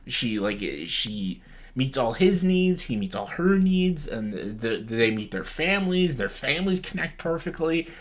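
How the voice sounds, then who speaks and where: A man's voice: medium pitch, sing-song, a little slow. A young man vlogging casual commentary on a reality show, talking bluntly with lots of swearing and exasperation. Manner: blunt, heavily profane, exasperated ranting.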